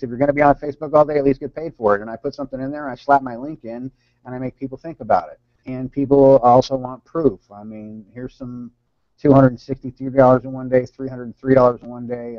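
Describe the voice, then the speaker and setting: A man running an online team training session. He speaks earnestly and haltingly, restarting and repeating words as he goes. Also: medium pitch, dry recording. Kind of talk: live online training talk. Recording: dull, dry lo-fi call audio.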